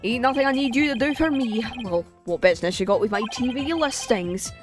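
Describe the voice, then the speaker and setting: A woman doing a gruff, folksy old man. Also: a little high, fairly quick, faint music behind, close to an everyday voice.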